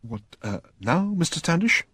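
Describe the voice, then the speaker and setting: A nervous young nurse, acted by a male narrator, fumbling and stammering through her words. The voice is raised and a little husky. It sits close and dry. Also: a little high, very animated, moderate pace, pushed and bright, no echo, pitched above the performer's own voice, full character voice. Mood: flustered. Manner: stammering, hesitant.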